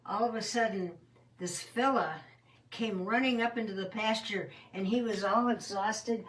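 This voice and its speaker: A woman's voice: medium pitch, unhurried, fairly bright tone, recorded from a distance, a little hiss or hum, rough recording. Homey woman telling a Bible story. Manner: homey, rambling telling with fillers and self-corrections. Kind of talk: casual spoken Bible storytelling.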